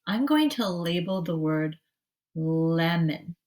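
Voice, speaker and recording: A woman teacher giving a slow, patient early-literacy lesson, stretching out word sounds clearly for young children. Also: medium pitch, lively intonation, fairly bright tone.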